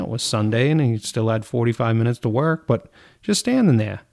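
A man's voice: mid-range voice, expressive, fairly quick, gravelly, a little mellow. A man who runs a golf course crew, talking bluntly in casual chat, swearing freely and acting out what he says to his workers.

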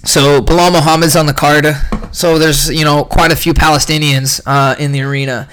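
A young man ranting casually about a fight event, profane and rambling, clearly irritated. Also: a little high, little pitch movement, moderate pace, a bit bright, slight background noise. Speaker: podcast host recapping a fight event.

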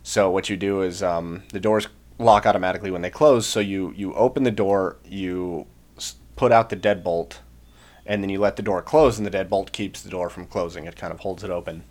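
A young man with a somewhat low voice tells a long story in loose, casual podcast chat. He rambles with plenty of fillers and restarts. Now and then he bursts out acting other people's shouts. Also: steady tone, brisk. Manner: rambling, many fillers, acts out quoted shouts. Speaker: podcast co-host, Marine veteran.

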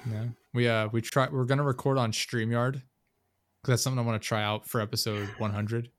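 A man's voice: medium pitch, fairly even intonation, no room sound, studio quality. A young man hosting a podcast in casual chat, loose and profane, wrapping up the episode. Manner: loose and profane, retelling scenes with quick impressions. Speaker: podcast host.

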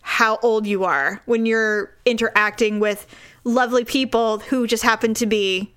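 Woman, forties, podcast co-host; lively, laughing storyteller, pitched a little high. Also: a little slow, smooth. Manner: animated storytelling, laughs often. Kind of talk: casual chat.

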